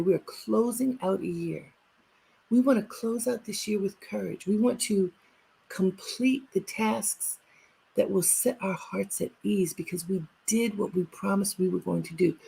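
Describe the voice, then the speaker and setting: A woman's voice: mid-range voice, creaky, warm tone, husky, rough recording. A woman hosting a live inspirational broadcast, speaking earnestly and urging listeners on with repeated short commands. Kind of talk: motivational livestream talk.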